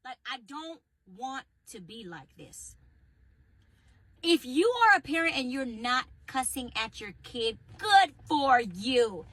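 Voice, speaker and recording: Exasperated mom with a lively, bright voice. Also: female voice, sits high, no echo, poor audio. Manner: exasperated and frank. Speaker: parent. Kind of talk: candid vlog rant.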